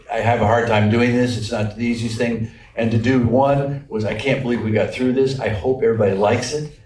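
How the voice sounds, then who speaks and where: A wry, self-mocking man in his sixties jokes through his press panel answers. His voice sits at a middling pitch. It comes from a distance in an echoey hall. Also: darkish tone, a little hiss or hum. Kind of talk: joking press conference answers. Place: large echoey press room. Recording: echoey room, distant mic.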